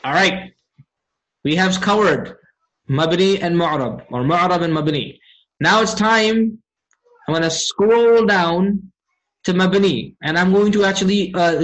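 A man teaching an online Arabic grammar class, often asking his students questions and reciting verses quickly. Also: sits high, fairly bright tone, poor audio. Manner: engages students with frequent questions.

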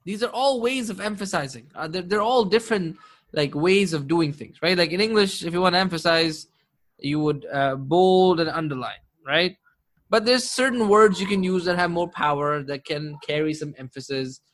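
Man, high-pitched, Arabic grammar teacher, classroom lecture, keeps checking "right?". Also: a bit bright. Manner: quizzing students with frequent "right?" and "correct?"; recites Quranic verses quickly in Arabic.

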